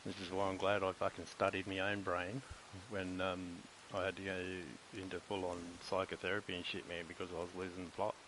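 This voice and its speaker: A man's voice: low voice, little pitch movement, a little fast, hardly any pauses, noisy background. A middle-aged man with an Australian accent, talking bluntly and profanely in a casual rambling monologue on a live stream. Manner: blunt and profane, retelling conversations.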